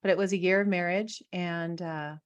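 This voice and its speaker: A woman's voice: lowish voice, steady tone, moderate pace, smooth. A woman in her thirties hosting an interview, chatting personally with lots of fillers and restarts. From Washington state. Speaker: host. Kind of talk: casual conversational interview.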